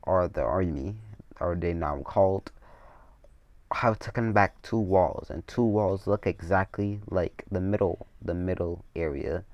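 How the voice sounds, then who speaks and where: A man's voice: deep voice, a little slow, no room sound, lo-fi sound. A young man casually retelling a fan story in a rambling way, with many restarts and swearing asides.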